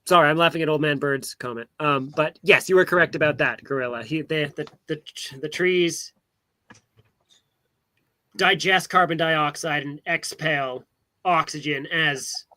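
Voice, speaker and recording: Man, casual chat, bright tense tone, fairly high, easygoing. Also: normal speed.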